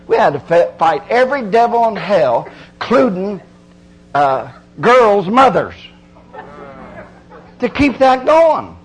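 A middle-aged preacher giving a folksy, emphatic sermon full of repeated phrases. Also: male voice, high voice, very animated, takes it slowly, pauses often, slight background noise, poor audio.

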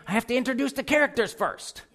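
A man's voice: very high-pitched, lively intonation, fast, bright, forceful tone. A man preaching a sermon, reading scripture aloud and putting questions to his congregation.

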